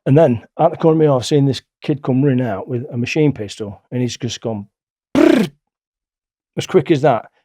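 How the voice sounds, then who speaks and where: A middle-aged man, a guest telling stories in a blunt, colloquial, animated way. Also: mid-range voice, quick pace, few pauses, no room sound, studio quality. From England. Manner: blunt, colloquial, animated retelling with acted-out quotes. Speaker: interview guest. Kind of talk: casual storytelling.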